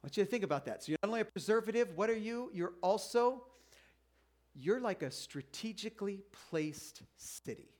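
Speaking informally from the pulpit, a middle-aged pastor with a distinctly high voice stumbles, restarts his sentences, and voices the doubts of skeptical listeners to make his case. He sounds animated yet a little mellow.

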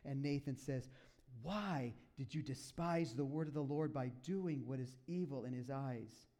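Delivering a sermon in church, this male pastor retells a story to the congregation, performing the characters and throwing in lively asides. He speaks at a medium pitch and an unhurried pace.

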